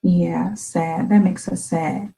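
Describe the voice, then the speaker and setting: A woman hosting a radio show, chatting gently and playfully with her young daughter and teasing her with questions. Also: lowish voice, fairly even intonation, takes it slowly, gravelly, poor audio.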